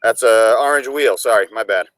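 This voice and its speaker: A man's voice: fairly low pitch, moderate pace, fairly bright tone. A man co-hosting a casual chat, mixing a drink and talking in an easygoing way with hesitant fillers. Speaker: cocktail-making co-host.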